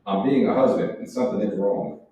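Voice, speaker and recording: A man's voice: fairly low pitch, brisk, lightly acted. A man playing a prying district attorney husband. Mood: probing. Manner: gently pressing questions. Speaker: actor in a stage sketch. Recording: echoey room, mic far off, faint noise.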